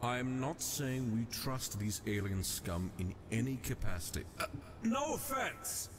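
An actor playing a stern, formal male space warrior lord in an animated web series, with stiff, formal phrasing. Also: mid-range voice, unhurried. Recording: clip audio with background noise.

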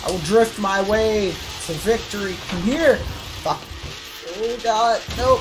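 A woman streaming a game live, commentating in a profane, excitable, trash-talking way. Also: medium pitch, slow, rough recording. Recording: game music underneath.

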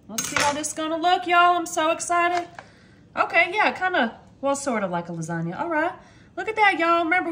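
Chatty high-voiced woman cooking. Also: sharp tone, slight background noise. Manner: chatty, addresses viewers as y'all. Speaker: cooking vlogger. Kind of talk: casual cooking vlog. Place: home kitchen.

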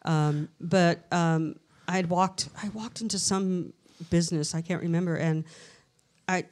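A woman guest on a live podcast, telling stories in a chatty, animated way and acting out the voices she quotes. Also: on the low side, unhurried. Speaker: interview guest, researcher. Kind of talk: casual storytelling interview. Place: live event in a castle venue.

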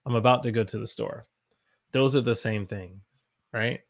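A man's voice: lowish voice, fairly even intonation, normal speed, creaky. A man from the South, teaching English on a live stream and reading out chat comments in an upbeat, playful way. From Southern United States. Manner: upbeat, reads chat aloud, playful voices.

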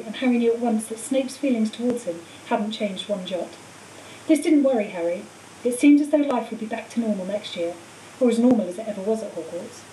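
A woman teacher reading a storybook aloud in a clear, steady way. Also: a little high. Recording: echoey room, far mic, faint hiss.

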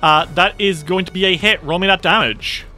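A man with a bright, high-pitched voice runs a tabletop game, describing monsters and attacks in vivid detail. Soft music plays under his narration. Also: moderate pace. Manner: friendly, descriptive, reacts with groans. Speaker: game master.

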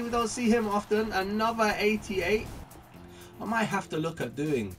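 Man, pack-opening commentary, excitable, chatty, bright tone, a bit off-mic, music behind. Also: high-pitched, moderate pace, distant mic. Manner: excitable, chatty, greets each player card like a friend. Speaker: gaming YouTuber.

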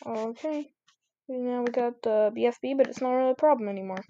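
A woman giving casual, chatty commentary over her gameplay, getting excitable and repeating exclamations when things get tense. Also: on the high side, a little fast, lo-fi sound, a little hiss or hum.

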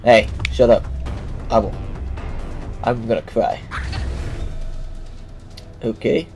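A man's voice: on the low side, slow, darkish tone. A young man playing a video game and commenting as he goes, joking and talking back at the characters. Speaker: gameplay commentator. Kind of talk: let's play commentary. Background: game music.

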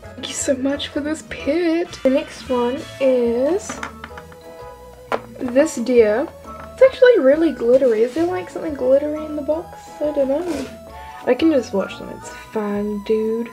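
A woman's voice: high voice, lively intonation, measured pace, warm tone, soft background music, low-quality recording. A teenage girl vlogger gushing and rambling as she unboxes toy figures from a trade package. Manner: gushing, rambling, lots of "like" and "oh my gosh". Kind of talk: excited unboxing haul.

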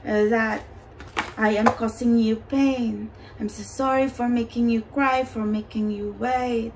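A remorseful male soulmate, as a woman channels him, speaking softly and apologetically in slow, tender vows. The voice sits a little high. A faint hum of background noise runs underneath. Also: far from the mic, poor audio. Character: remorseful male twin flame, pleading and tender.

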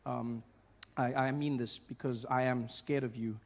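A male stand-up comedian riffing playfully, full of questions and animated asides. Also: mid-range voice, measured pace, heavy background noise.

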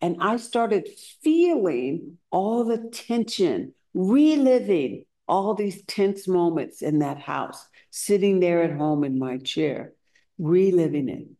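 A woman meditation teacher giving a dharma talk at a retreat center, telling stories in an unhurried way and acting out the voices she quotes. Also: fairly low pitch, sing-song, mellow.

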